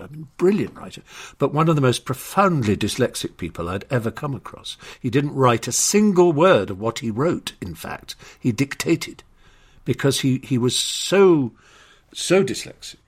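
A man's voice: medium pitch, sing-song, moderate pace, husky. An older man with an English accent, talking in an articulate, anecdotal way as an interview guest, often restarting his phrases. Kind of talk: conversational storytelling.

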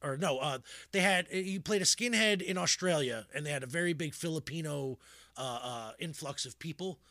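A man's voice: fairly high pitch, normal speed, sharp tone, no room sound, studio quality. A man co-hosting a casual podcast chat, rambling with lots of fillers, restarts and frequent laughter. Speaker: podcast co-host.

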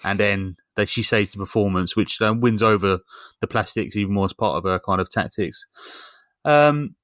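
A man with a lowish voice rambles through a story among friends, full of ums and little jokes. His voice is close and dry, with no room sound around it. He sounds like a podcast co-host chatting casually. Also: normal speed, fairly bright tone, no echo. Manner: rambling, many ums, jokey. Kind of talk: casual chat, retelling a film plot.

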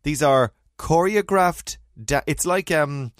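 A man's voice: a little high, takes it slowly, no echo. Man telling stories, dry sound. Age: 30s. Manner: lively storyteller, laughs often, acts out his texts. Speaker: podcast co-host. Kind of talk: casual chat.

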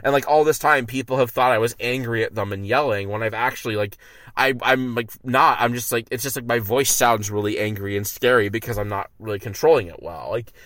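A man's voice: medium pitch, fairly quick, fairly bright tone, no echo. A man hosting his own podcast, rambling alone in a car with lots of stammered restarts and filler words. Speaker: podcast host. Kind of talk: rambling solo podcast monologue. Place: inside a car.

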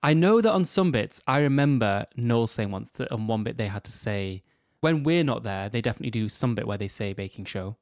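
Young man, quick podcast chat, dry close sound, reassuring, teasing. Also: medium pitch, animated, no room sound. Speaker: podcast co-host.

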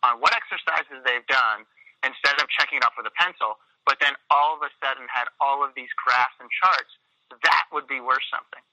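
A man's voice: medium pitch, a little fast, pushed and bright, no room sound, poor audio. A man in his thirties telling his story in a casual interview, rambling with many fillers and restarts. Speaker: interview guest, Pilates studio owner.

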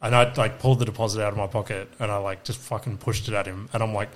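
A man's voice: fairly low pitch, steady tone, fast, a crowd in the background. A young Australian man, a podcast co-host, telling stories in casual chat, swearing freely and acting out what people said.

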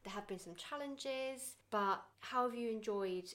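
A young woman hosting a casual chat, talking in a chatty, animated way and acting out quotes. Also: on the high side, measured pace. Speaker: podcast host.

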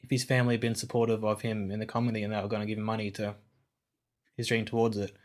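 A man's voice: fairly low pitch, flat delivery, racing. Easygoing man chatting about a film. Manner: easygoing, conversational. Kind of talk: casual film review chat.

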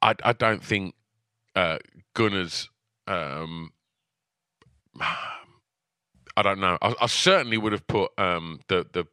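A man co-hosting a podcast, talking casually in a halting way with many ums and some dry teasing. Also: low-pitched, pushed and bright, clear, resonant tone, no echo. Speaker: podcast co-host. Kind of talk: casual chat.

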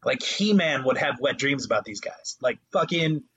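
A man's voice: mid-range voice, normal speed, breathy edge. A young man on a casual podcast, swearing often and acting out quotes while telling stories about substitute teaching. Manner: animated storytelling, swears a lot, acts out voices. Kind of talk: casual chat.

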